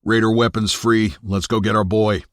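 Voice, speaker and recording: A man voicing a hard male team leader who gives low, terse commands in an audiobook. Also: fairly even intonation, slow pace, fairly bright tone, no echo, studio quality, exaggerated voice.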